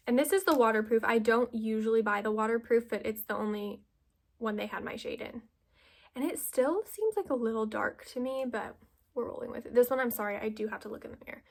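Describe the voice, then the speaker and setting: A woman's voice: fairly high pitch, a bit bright. Chatty young woman, makeup tutorial. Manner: chatty, filler-heavy, self-deprecating. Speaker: vlogger.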